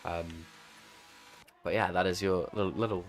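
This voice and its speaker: Excited male sim racing commentator. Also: deep voice, moderate pace, a little hiss or hum. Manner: excitable race calls, self-correcting. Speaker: lead commentator.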